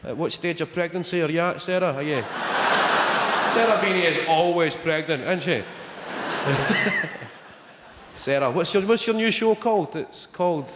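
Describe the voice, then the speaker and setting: A young man doing stand-up, telling stories in a wry, deadpan way. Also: on the high side, normal speed, long pauses, a crowd in the background. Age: young adult. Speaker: stand-up comedian. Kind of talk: stand-up comedy set. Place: large theatre stage. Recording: echoey theatre, loud noise.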